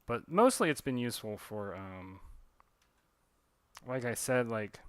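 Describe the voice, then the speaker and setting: A man's voice: medium pitch, big pitch swings, a little slow, smooth, dry recording. A man, a comic artist chatting casually on a drawing livestream, rambling with lots of fillers and self-corrections. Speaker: comic artist streaming his drawing work.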